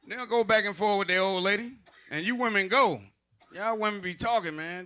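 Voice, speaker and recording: A man doing a profane, conversational stand-up comedy set on a club stage, slipping into gruff voices for arguing old men. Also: high-pitched, lively intonation, moderate pace, bright, forceful tone. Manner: profane, loose, conversational delivery with asides to the audience.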